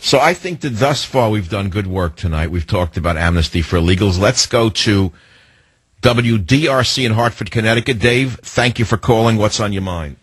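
A man hosting a late-night call-in radio show, talking in a rambling, emphatic monologue with a husky voice. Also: fairly low pitch, expressive, moderate pace, a bit bright, dry recording. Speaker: radio talk show host. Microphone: studio microphone.

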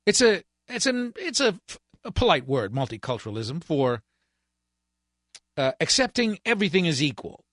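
A man in the fill-in host's chair of a talk radio show, ranting with sarcastic bite. His voice sits a little high for a man and swings widely up and down as he works himself up. The studio sound is close and dry. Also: sing-song, moderate pace, a bit bright, no room sound. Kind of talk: political talk radio monologue.

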